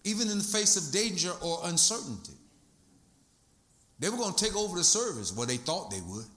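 A pastor preaching a sermon in a church, telling personal stories in an emphatic, conversational way. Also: male voice, high-pitched, very animated, fairly quick, sharp tone. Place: church sanctuary.

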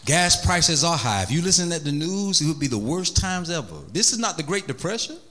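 Animated preacher with a bright edge. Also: male voice, a little fast, slight background noise. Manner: animated, exhorting, mimics voices in high pitch. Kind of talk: sermon.

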